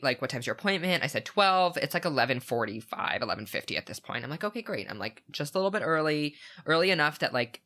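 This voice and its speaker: A podcast co-host with a mid-range voice recounts a story in a casual show, full of animated energy. His voice sounds bright and forward, and he leans heavily on "like" as a filler.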